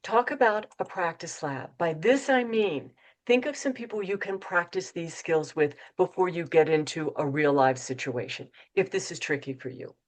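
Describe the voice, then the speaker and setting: A middle-aged woman giving a motivational webinar talk, acting out quoted dialogue with lively shifts in her voice. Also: on the low side, moderate pace, hardly any pauses. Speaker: keynote speaker.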